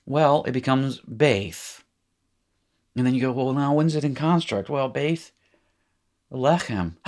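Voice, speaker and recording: A man's voice: mid-range voice, slow, long pauses, darkish tone. A man teaching a recorded language lesson in a chatty, informal way, with joking asides. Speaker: Hebrew teacher. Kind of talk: recorded lecture.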